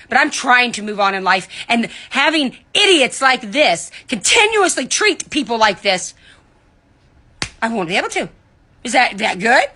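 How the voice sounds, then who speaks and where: A woman delivering a heated, indignant monologue, cussing and swinging between loud outbursts and low muttering, recorded at home in bed. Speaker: vlogger. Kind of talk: angry ranting monologue.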